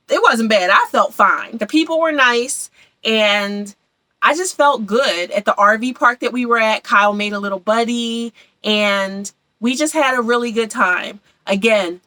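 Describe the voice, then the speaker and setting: A woman's voice: a little high, a little slow, bright, forceful tone, dry recording, rough recording. A young woman from Philadelphia chatting casually and enthusiastically about her travels, repeating words for emphasis. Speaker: travel vlogger.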